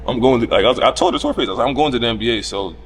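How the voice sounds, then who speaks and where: A man in his thirties tells a story at a quick clip. He acts out everyone's lines with lively, loose energy and casual cursing. A faint ambience hangs behind him. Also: medium pitch, a little hiss or hum. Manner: animated retelling with quoted voices, casual cursing. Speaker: podcast guest.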